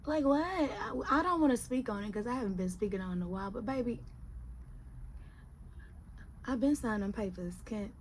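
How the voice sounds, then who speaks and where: A woman's voice: fairly high pitch, normal speed, long pauses, slight background noise. A woman in her thirties chatting casually in a vlog, telling stories animatedly and talking straight to her viewers. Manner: chatty, animated storytelling, addresses viewers as y'all. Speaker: vlogger. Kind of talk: casual monthly update vlog.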